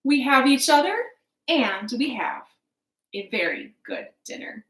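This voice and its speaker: A woman's voice: sits high, sing-song, unhurried, heavily acted. A woman playing a loving folk-tale wife. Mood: tender. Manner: warm and tender toward her husband. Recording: echoey living room.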